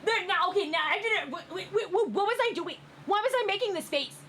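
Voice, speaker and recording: Giggly high-voiced woman streamer. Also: brisk, slight background noise. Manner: giggly, animated, rambling. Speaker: streamer reacting to fan memes. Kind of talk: excited casual commentary.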